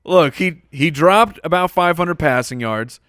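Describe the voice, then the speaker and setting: Guy co-hosting a football podcast, teasing banter, slightly high voice, dry mic. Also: animated, a bit bright, no room sound. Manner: quick reactive banter, teasing. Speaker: podcast co-host. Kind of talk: fantasy football podcast chat.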